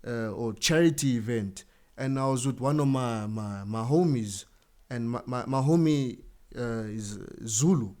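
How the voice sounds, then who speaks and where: Earnest Congolese guest, halting speech. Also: male voice, medium pitch, warm tone. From Congolese community in South Africa. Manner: earnest, halting restarts, slangy. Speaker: podcast guest. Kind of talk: casual podcast chat.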